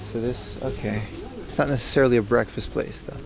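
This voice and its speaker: A man's voice: mid-range voice, fairly even intonation, brisk, vocal fry, a crowd in the background. A man from the Netherlands with a Dutch accent, chatting casually and rambling to his livestream audience while walking outdoors and through a supermarket. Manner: rambling, chummy, addressing chat as bro. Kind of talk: casual IRL livestream chat.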